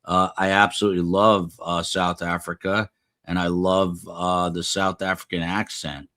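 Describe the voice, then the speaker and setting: Male livestream host, rambling, low voice, casual live commentary. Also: flat delivery, unhurried, sharp tone. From United States. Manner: rambling, chatting with viewers. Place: upper floor of a building.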